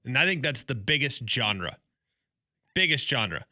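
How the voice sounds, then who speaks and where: A man's voice: mid-range voice, big pitch swings, a little slow, sharp tone, dry recording, studio quality. A man co-hosting a morning sports radio show, bantering casually and arguing with mock seriousness. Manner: joking, argues with mock seriousness. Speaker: radio sports talk co-host.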